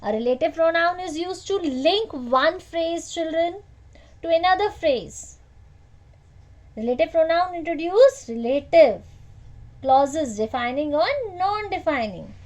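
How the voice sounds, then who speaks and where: A woman teaches grammar to children in an online lesson. She speaks slowly in a high voice. She repeats each point and turns it back to the class as a question. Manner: slow, repetitive teacher talk with questions to the class.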